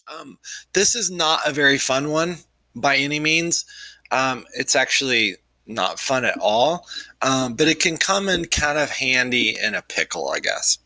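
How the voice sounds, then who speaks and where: A man talks through a recorded math lesson while he has nearly lost his voice. His tone is bright, and he explains casually with frequent ums. The sound is dry and close, with no room echo. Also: medium pitch. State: losing his voice. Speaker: math teacher.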